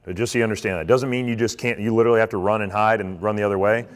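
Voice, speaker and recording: A man, a swim coach, giving a relaxed, conversational talk to athletes and parents, with many fillers. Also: fairly low pitch, racing. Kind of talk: informal presentation. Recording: reverberant hall.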